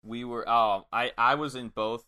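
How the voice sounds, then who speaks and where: A man talking on a podcast in a bright, tense voice at an ordinary male pitch. He speaks with blunt enthusiasm, swears casually and piles one detail onto the next. He sounds close to the microphone. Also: fairly even intonation, moderate pace, smooth. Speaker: podcast co-host. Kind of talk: casual chat. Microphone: studio microphone.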